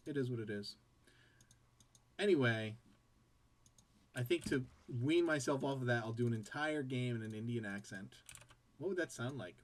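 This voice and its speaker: A man's voice: fairly high pitch, animated, moderate pace, slight background noise. Chatty, rambling male game caster. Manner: rambling, chatty, jumps between tangents and play-by-play. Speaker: game caster and show host. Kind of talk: casual game commentary.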